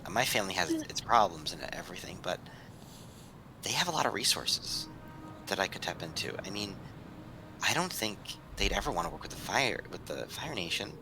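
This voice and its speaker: Low, lively-voiced man hedging "I mean". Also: a little fast, music in the background. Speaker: player. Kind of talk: in-character tabletop play.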